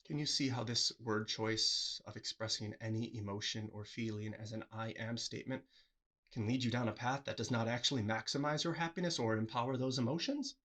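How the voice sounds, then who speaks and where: A man's voice: medium pitch, steady tone, a little fast, fairly bright tone. A man hosting a reflective solo talk, earnest and questioning, often acting out short quoted replies in a livelier voice. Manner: earnest, asks the listener many questions, acts out quoted replies. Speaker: host.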